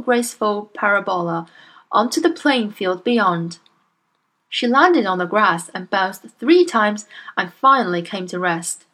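A woman reading a children's story aloud with expressive, animated narration. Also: mid-range voice, poor audio.

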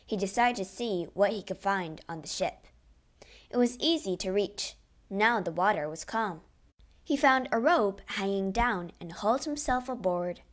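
A woman narrating a classic adventure storybook in a clear, expressive read-aloud manner. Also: mid-range voice, measured pace.

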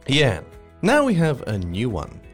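A man co-hosting a casual English lesson, explaining word meanings in a relaxed way and laughing easily. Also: medium pitch, a little slow, soft background music. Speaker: English teacher co-host. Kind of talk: casual bilingual lesson chat.

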